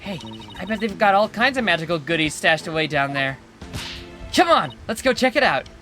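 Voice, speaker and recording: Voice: mid-range voice, very animated, normal speed, sharp tone, soft background music, voice pushed up. A streamer voicing a cheerful, teasing teenage girl magician while reading a game aloud. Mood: encouraging. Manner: bubbly, teasing, upbeat.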